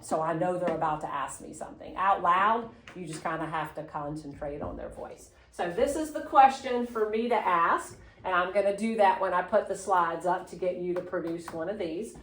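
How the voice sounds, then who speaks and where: A woman teaching a Spanish class, slowly modeling phrases for students to repeat. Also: on the low side, slight background noise. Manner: patient, slow modeling of phrases. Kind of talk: classroom lesson. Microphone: phone camera propped on a water bottle. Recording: echoey classroom.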